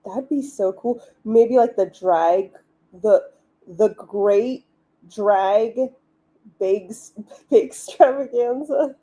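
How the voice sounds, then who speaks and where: Casual female streamer, mellow warm tone, mid pitch, chatty and giggly. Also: drawn-out words. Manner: chatty, giggly, many "like" fillers. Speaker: livestream host, author. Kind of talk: casual live-stream chat.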